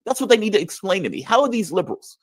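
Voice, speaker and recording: A man's voice: sits high, very animated, very fast, breathy edge, no echo. A man commenting on politics in a blunt, combative and mocking way. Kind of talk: heated political discussion.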